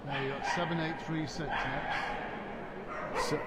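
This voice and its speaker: A man's voice: a little high, steady tone, slow pace, very noisy. A man presenting a live dog show stream, chatting with his co-commentator and reading out greetings from viewers.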